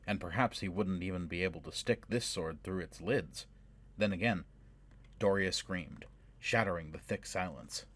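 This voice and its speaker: A man reading a fantasy novel aloud in measured, dramatic scripted narration. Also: low-pitched, fairly bright tone. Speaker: audiobook narrator.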